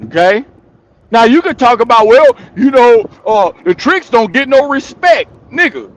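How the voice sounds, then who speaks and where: High-voiced man holding forth, slow and emphatic. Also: very animated. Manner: emphatic and repetitive, hammering points home; laughs between points, talks straight to the audience. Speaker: channel host. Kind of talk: casual opinion commentary to viewers.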